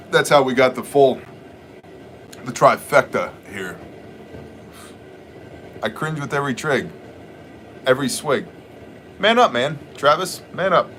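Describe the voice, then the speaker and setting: A man's voice: mid-range voice, a bit bright, a little hiss or hum. Man hosting a casual livestream. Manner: joking, greets viewers, shifts into Bible teaching. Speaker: livestream host. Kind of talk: casual livestream chat, reading viewer comments.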